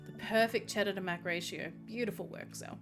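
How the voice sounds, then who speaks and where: A woman's voice: mid-range voice, steady tone, a little fast, music in the background, lightly acted. Woman reading as an earnest kindly dad.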